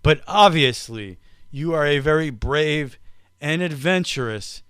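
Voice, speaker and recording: A man hosting a casual comedy podcast, teasing his co-host, talking in quick bursts and laughing often. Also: on the high side, expressive, very noisy.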